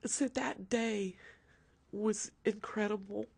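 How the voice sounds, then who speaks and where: Woman, mother, storytelling interview, emotional, gravelly, husky. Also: medium pitch, fairly even intonation, takes it slowly, darkish tone. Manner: emotional, drops into whispers, voices the doctor. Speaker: mother recounting her son's childhood illness.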